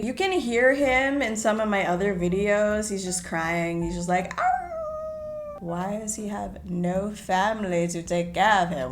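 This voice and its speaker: A woman's voice: medium pitch, echoey room, a little hiss or hum. A young woman chatting casually while doing her makeup at home, playful and sometimes slipping into sing-song bits. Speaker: beauty vlogger. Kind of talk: casual get-ready-with-me chat. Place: home room.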